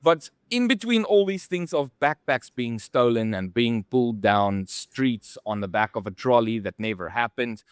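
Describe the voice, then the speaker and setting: A man's voice: medium pitch, moderate pace, few pauses, clear, resonant tone, dry recording, clean studio sound. A young man telling rambling event-work stories in a casual podcast chat, with plenty of fillers. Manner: rambling, animated storytelling with many fillers. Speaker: podcast co-host.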